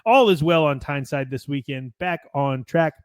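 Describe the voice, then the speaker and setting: Relaxed American man, fairly high voice. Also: normal speed, clear, resonant tone, no room sound, clean studio sound. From United States. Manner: rambling, relaxed, swears casually, reads match notes. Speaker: podcast co-host. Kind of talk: casual sports chat.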